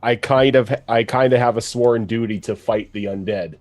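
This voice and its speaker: A man taking part in a tabletop game at an ordinary pitch. He talks through his character's choices aloud in relaxed table banter. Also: moderate pace. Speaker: player.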